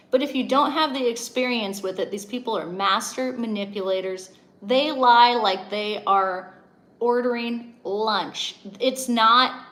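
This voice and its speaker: A woman's voice: fairly high pitch, a bit bright. A young adult woman hosting a casual livestream, talking emphatically and answering viewer comments as a coach.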